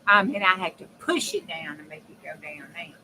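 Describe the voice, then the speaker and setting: A woman with a fairly low pitch talks fairly quickly as she crafts, with steady background noise around her. Hosting a crafting channel, she keeps the chat casual and folksy, speaking straight to viewers in dialect phrasing.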